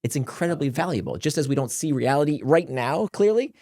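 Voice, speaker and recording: Animated man with a dry close sound. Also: fairly high pitch, brisk, no room sound. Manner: animated, laughs between points. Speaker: guest author. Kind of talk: conversational explaining.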